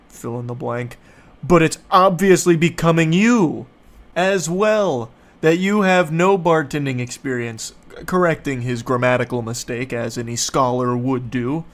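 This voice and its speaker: A man reads and mocks messages in a comedic reaction style. His delivery is dry and deadpan, dripping with sarcasm. His voice sits a little higher than most men's. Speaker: online commentator.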